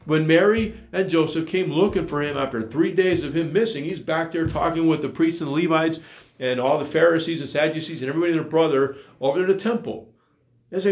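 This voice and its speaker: A man's voice: on the high side, a little fast. A man preaching a sermon in an earnest, repetitive way, full of rhetorical questions, recorded in an echoey room.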